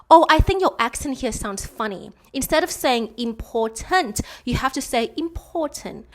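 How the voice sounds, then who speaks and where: A young woman with an Australian accent, talking bluntly and frankly in a personal vlog. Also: a bit bright. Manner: blunt, frank, mimics others in a higher voice when quoting. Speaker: vlogger. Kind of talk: candid personal storytelling to camera.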